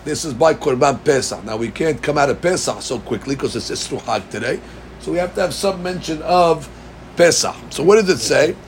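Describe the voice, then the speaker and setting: A man teaches a Talmud class in a fairly high voice with lively intonation, speaking a little fast. He chants the text in a lilt, then explains it plainly and directs questions to his students, over a bit of hiss or hum.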